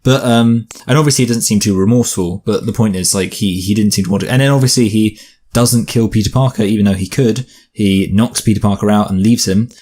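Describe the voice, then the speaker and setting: A man with a fairly low voice co-hosting a relaxed film review chat. He thinks aloud as he goes, piling up fillers and restarts while he works through his points. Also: a little fast.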